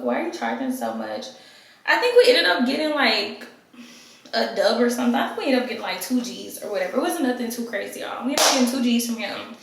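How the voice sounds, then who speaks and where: A young woman tells a storytime vlog straight to her viewers, animated and swearing freely as she keeps calling them y'all. Her high voice is bright and edged with vocal fry. The room around her is very echoey. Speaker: vlogger.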